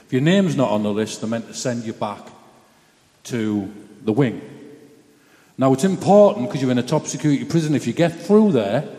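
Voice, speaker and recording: A man's voice: medium pitch, animated, normal speed, warm tone, in a large hall. A man giving a personal testimony in a chatty, blunt, self-mocking storytelling way.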